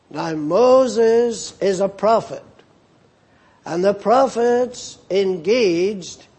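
A man preaching a sermon, expounding scripture in a slow, deliberate way and repeating phrases for emphasis. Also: high-pitched, mellow, slightly rough. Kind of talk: sermon, Bible exposition.

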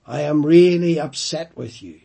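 Angry demanding young prisoner, voiced by a male preacher, husky and slow. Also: mid-range voice, animated, dark tone, heavily acted. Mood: complaining. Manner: complaining, demanding.

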